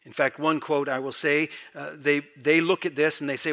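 A middle-aged man preaching an expository sermon, emphatic, repeating key phrases and swinging between loud declarations and hushed asides. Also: fairly high pitch, little pitch movement, normal speed, few pauses. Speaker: pastor.

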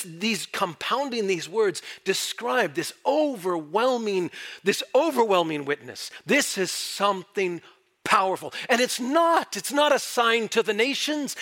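A male pastor preaching an animated sermon, acting out the astonished crowd's voices. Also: sits high.

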